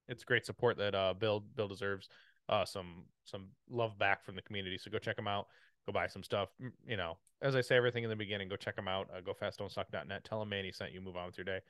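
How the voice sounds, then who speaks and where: A man's voice: on the low side, a bit bright, clear, resonant tone, no room sound, studio quality. A man hosting a podcast, reading sponsor plugs in a rambling, upbeat way with lots of fillers. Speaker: podcast host. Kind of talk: casual sponsor read.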